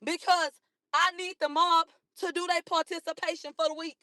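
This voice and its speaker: A hoarse woman from a cold, ranting combatively and profanely at critics on a livestream, repeating herself. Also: very high voice, fairly even intonation, moderate pace, bright, forceful tone, no echo, clean studio sound. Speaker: livestream host. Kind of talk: heated livestream rant.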